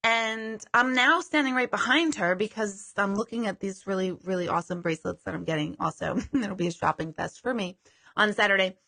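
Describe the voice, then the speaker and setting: A woman's voice: medium pitch, fairly quick, gravelly, bright, forceful tone. A woman hosting a live stream as a psychic medium. She chats casually, mocks herself and swears now and then. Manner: chatty, self-deprecating, swears casually.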